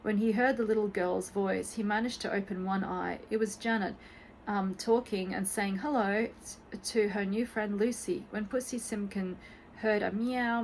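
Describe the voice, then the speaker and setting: A woman reading a children's storybook aloud in a gentle, expressive bedtime-story manner. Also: mid-range voice, slight background noise, low-quality recording.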